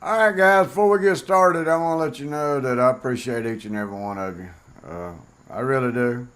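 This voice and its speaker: A man's voice: mid-range voice, a little fast, fairly bright tone, soft background music. A middle-aged man talking bluntly and plainly in a casual vlog monologue, rambling with fillers. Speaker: vlogger host.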